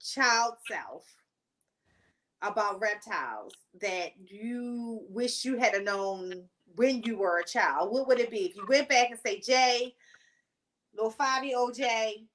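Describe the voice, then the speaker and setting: A woman's voice: mid-range voice, expressive, slow pace, a bit bright, rough recording. A woman hosting a podcast, interviewing a guest in a casual and emphatic way. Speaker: podcast host.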